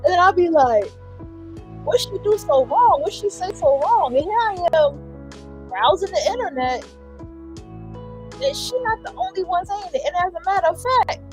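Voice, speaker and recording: A woman hosting a livestream, giving emphatic, repetitive reaction commentary with a husky voice. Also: high voice, darkish tone. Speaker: livestream host.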